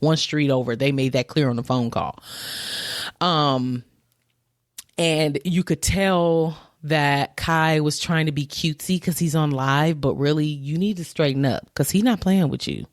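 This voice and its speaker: Retelling gossip on a podcast she co-hosts, a woman speaks in a casual, slangy, animated way, quoting people as she goes. Her voice sits low and unhurried, recorded at studio quality with no echo.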